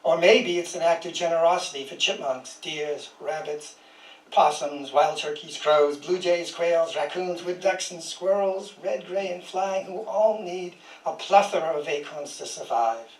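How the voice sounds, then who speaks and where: Inside a small historic house, a man in his sixties performs his own poetry as the guest, trading in dry wit and chuckled asides between pieces. He speaks a little high and a little slow, and the far-off mic makes the sound roomy.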